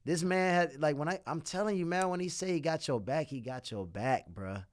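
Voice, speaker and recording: A man from Detroit, a guest actor in a casual interview, telling a story with slang and acting out the quotes, his voice jumping up when he gets excited. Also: normal speed. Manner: animated, acts out quotes and slang, voice jumps high when excited.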